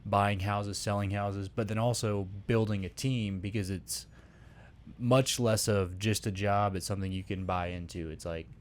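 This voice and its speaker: A man's voice: on the low side, fairly even intonation, normal speed. A man talking earnestly in a casual chat, often using "like" as filler. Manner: earnest, heavy use of "like". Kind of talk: casual conversation.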